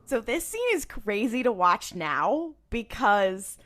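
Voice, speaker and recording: A woman's voice: medium pitch, big pitch swings, takes it slowly, a bit bright. A woman co-hosting a podcast in casual chat, rambling through her thoughts with fillers and easy laughs. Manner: rambling, lots of fillers and restarts, laughs easily. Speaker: podcast co-host.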